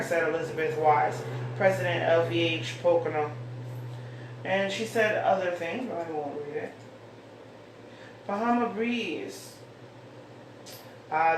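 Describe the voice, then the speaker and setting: A woman hosting her own show, chatting casually and rambling as she reads out mail she has been sent. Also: on the low side. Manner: rambling, chatty, thinks aloud. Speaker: host. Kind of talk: casual solo chat, reading out mail. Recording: echoey room, far from mic, faint hiss.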